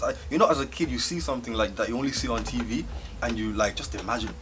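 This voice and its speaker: A young man telling a comic storytime story on his vlog, animated and laughing as he goes. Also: mid-range voice, fast talker, a little hiss or hum. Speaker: vlogger.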